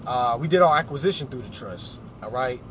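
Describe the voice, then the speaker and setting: A man's voice: medium pitch, animated, brisk, fairly bright tone, slight background noise. A man in a casual talk to camera, advising clients in an emphatic, preachy way, calling listeners y'all and family. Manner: colloquial, addresses audience as y'all and family.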